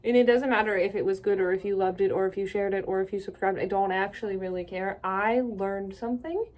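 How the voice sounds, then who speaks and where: A young woman from Canada chatting on her own in a casual vlog, rambling from one thought to the next and laughing at herself. Her voice sits at an ordinary middle pitch and she talks in a relaxed, self-deprecating way. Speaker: vlogger.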